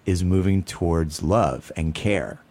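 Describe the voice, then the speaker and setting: Man, very low voice, casual talk-show chat, earnest, rambling. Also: takes it slowly, a little mellow. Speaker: podcast co-host. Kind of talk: casual conversation.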